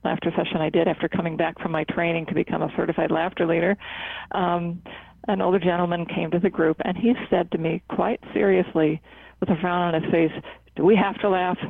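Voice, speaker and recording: A psychotherapist who leads a laughter club at a cancer center, answering interview questions in an earnest, measured way with frequent fillers and restarts. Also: mid-range voice, little pitch movement, creaky, dry recording. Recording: tinny phone-like line, dry.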